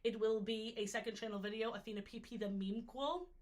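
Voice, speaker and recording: A woman's voice: on the high side, steady tone, fairly quick, darkish tone. A young woman from New York chatting casually on a livestream, jokey and easily sidetracked, her voice a little worn out. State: slightly worn-out voice. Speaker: streamer ranking water parks.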